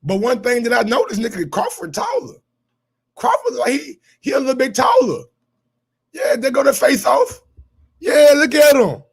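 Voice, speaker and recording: A man runs a sports reaction live stream. His voice sits fairly high for a man. He talks loudly and excitably, swears freely and calls out to his viewers as if they were in the room with him. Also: normal speed, gravelly, slightly rough. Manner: excitable, loud and profane, talks straight to viewers. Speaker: sports channel host.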